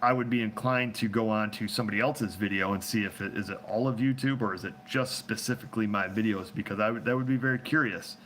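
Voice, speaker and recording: Male host, low voice, loose and joking, takes viewer questions on a phone stream with faint noise behind. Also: fast talker, hardly any pauses, fairly bright tone. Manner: rambling, joking, laughs often. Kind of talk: casual live chat.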